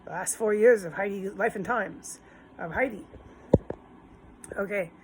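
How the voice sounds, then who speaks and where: A woman's voice: mid-range voice, measured pace, background noise. A woman talking straight to her viewers in a rambling personal monologue, emotional and swearing often. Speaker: vlogger.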